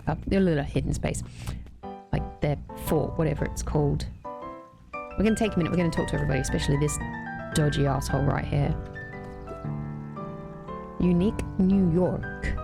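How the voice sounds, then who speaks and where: Chatty woman gamer, low voice. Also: fairly even intonation, quick pace, creaky, music in the background. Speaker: let's play host. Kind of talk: casual gameplay commentary.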